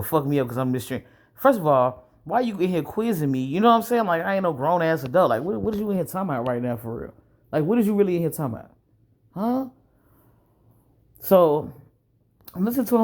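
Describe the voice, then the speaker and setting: A man vlogger telling a rambling, profane story in a casual monologue, often clearing his throat. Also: fairly high pitch.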